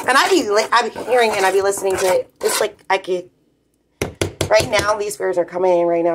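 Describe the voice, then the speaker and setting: A woman vents in a rambling, profane rant, talking bluntly to her viewers. Her voice sits at a middle pitch for a woman. A steady hiss of noise and scattered clicks run under the recording. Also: fast talker. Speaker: vlogger.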